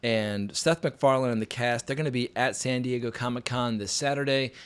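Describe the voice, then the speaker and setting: A man's voice: mid-range voice, fairly quick, smooth. A man talking casually and enthusiastically as he reviews a TV episode, his voice scratchy from getting over a cold, often rambling and restarting. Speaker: TV review vlogger.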